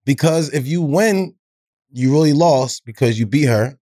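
A man's voice: medium pitch, a little slow, dark tone, no room sound, clean studio sound. A man co-hosting a podcast, joking about himself in casual banter and laughing often. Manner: jokey, self-deprecating, laughs often. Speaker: podcast co-host.

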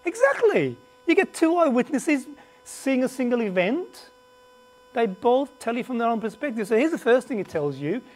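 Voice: mid-range voice, big pitch swings, moderate pace. Conversational preacher quizzing a live class. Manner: questions the audience often and emphatically; conversational, with restarts and asides. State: slight cough. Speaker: preacher teaching a Bible class. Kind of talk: interactive Bible teaching to a live group. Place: standing before a group in a meeting room.

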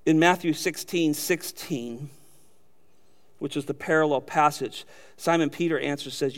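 High-pitched emphatic male preacher. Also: a little slow. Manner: emphatic preaching, rising to loud peaks; addresses listeners directly with rhetorical questions. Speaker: pastor. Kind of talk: sermon.

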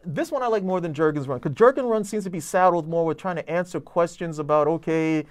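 A man's voice: on the high side, a little fast. A man reviewing comic books in casual chat, enthusiastic and rambling with lots of fillers.

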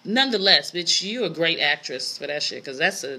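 Solo podcast host, woman, bright, lively delivery, blunt and profane. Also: on the low side, a little fast, few pauses, soft background music. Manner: blunt, profane, incredulous, laughs often. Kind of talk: casual solo podcast rant.

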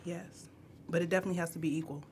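A woman's voice: fairly low pitch, steady tone, racing, slight background noise. Blunt, firm woman in casual talk. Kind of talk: casual chat.

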